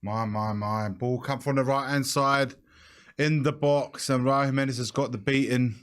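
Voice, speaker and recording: A man's voice: mid-range voice, steady tone, normal speed, fairly bright tone, clear, resonant tone. A young man co-hosting a football watch-along, exasperated as he breaks down each missed chance. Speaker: co-host.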